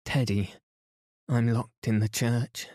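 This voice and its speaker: A man's voice: mid-range voice, steady tone, slow, darkish tone, no room sound, clean studio sound, pitched above the performer's own voice, natural voice. A man voicing a frightened young girl who pleads desperately for rescue. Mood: terrified. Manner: frantic, pleading.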